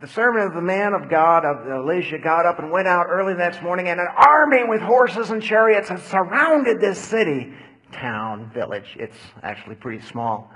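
A man preaching a sermon who tells a story with lively acted-out quotes, then answers questions from the audience. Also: high voice, moderate pace, breathy edge, low-quality recording. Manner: animated storytelling, acts out quotes loudly. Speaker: pastor.

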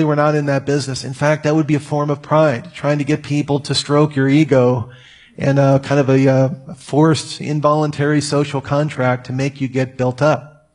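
A man's voice: medium pitch, a little mellow. A man preaching a conversational sermon, with asides to his audience. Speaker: pastor.

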